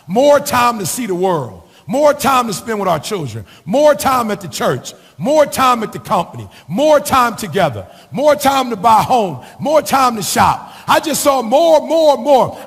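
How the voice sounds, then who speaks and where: Middle-aged motivational speaker guy, high raspy voice, preachy sing-song delivery, lots of reverb. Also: big pitch swings, normal speed, hardly any pauses, a bit bright. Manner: preaching, with a sing-song rhythm and repeated rhetorical questions. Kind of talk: motivational speech. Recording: long hall reverb.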